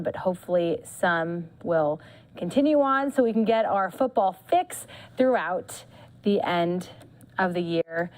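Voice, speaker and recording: A woman anchors a live news stream in a loose, chatty way. She fills her pauses with small hesitations rather than reading stiffly. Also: mid-range voice, low-quality recording. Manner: chatty, with many fillers. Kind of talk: casual live news presenting.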